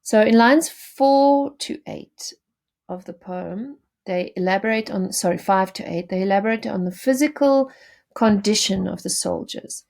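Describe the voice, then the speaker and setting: A woman's voice: mid-range voice, measured pace, creaky, darkish tone. A woman teacher giving a recorded lesson, explaining poetry to her students with fillers and self-corrections. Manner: explanatory, addresses students directly.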